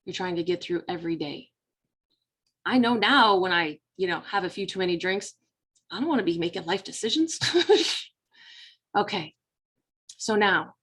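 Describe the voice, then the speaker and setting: A woman's voice: lowish voice, a bit bright, husky. Earnest woman life coach, motivational. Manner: earnest, motivational, speaks straight to the listener. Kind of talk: personal story told to camera.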